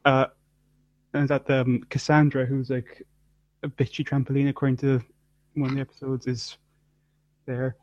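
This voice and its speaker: A man's voice: mid-range voice, little pitch movement, moderate pace, pauses often, a little mellow, no echo. A man co-hosting a casual chat, rambling dryly with lots of fillers and trailing off. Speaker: podcast co-host. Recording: dry, dull lo-fi mic.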